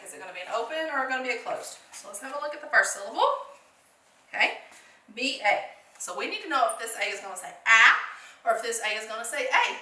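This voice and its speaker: A woman's voice: on the high side, sharp tone, reverberant, recorded from a distance. A woman teaching a phonics lesson to young children, encouraging them, asking questions and answering them herself.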